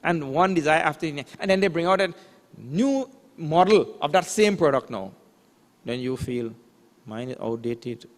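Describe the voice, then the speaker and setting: A swami with a fairly high, expressive voice gives a spiritual lecture, breaking down scriptural terms and asking rhetorical questions. Verses come in a slow chant, echoing with a long hall reverb.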